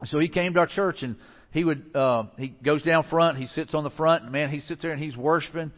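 A man's voice: a little high, fairly quick, in a large hall, lo-fi sound. A man pastor delivering a conversational sermon, telling stories with frequent restarts. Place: church sanctuary.

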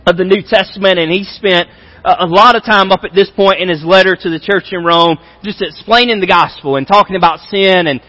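A man's voice: sits high, brisk, pushed and bright, rough recording. A male pastor giving a conversational sermon in a large church auditorium, repeating phrases for emphasis.

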